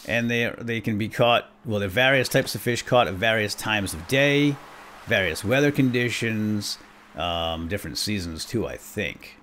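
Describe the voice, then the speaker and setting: A middle-aged man giving casual, chatty gameplay commentary, breaking into excited exclamations. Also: on the low side, a little hiss or hum. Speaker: let's play host.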